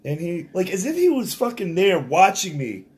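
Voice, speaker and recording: A man telling a rambling, profane comic story, swinging from loud outbursts to low mutters. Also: very animated, normal speed, slightly rough.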